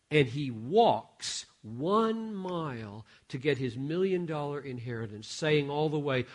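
A man preaching from a stage microphone in a large sanctuary. His voice sits at an ordinary male pitch. He moves between quiet, confiding asides and sudden loud, emphatic bursts. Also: animated, a little slow. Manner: dynamic, swings from hushed asides to loud emphatic exclamations. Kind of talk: sermon.

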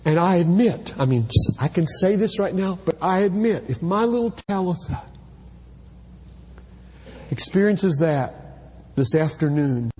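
A man's voice: high voice, lively intonation, a little slow, husky. Impassioned male preacher in a reverberant sanctuary. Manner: impassioned, rising to shouts at emotional peaks. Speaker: pastor. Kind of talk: sermon. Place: church sanctuary.

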